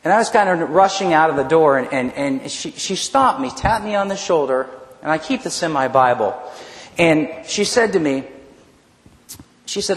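A man preaching a personal testimony sermon, telling his story in an animated way with frequent restarts. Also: a little high, brisk. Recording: echoey hall, long reverb.

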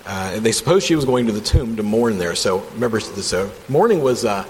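An enthusiastic man with a fairly low voice leads a relaxed Bible study, reading aloud and then talking it through. He sounds conversational rather than preachy. A long reverb trails his words over a faint background hum. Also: fairly quick. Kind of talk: casual Bible teaching.

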